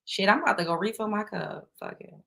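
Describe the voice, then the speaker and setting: This chat show host talks fast in a medium-pitched, expressive voice with vocal fry and a sharp edge. She tells stories bluntly, swears plenty and laughs frequently mid-sentence.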